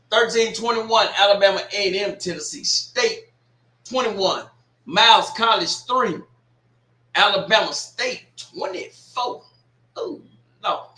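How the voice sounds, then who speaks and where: Guy on a livestream, high bright voice, echoey room, fussing at a troll. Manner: animated, laughing, swearing, scolding a commenter. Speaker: watch party livestream host. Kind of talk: casual livestream chat reading comments.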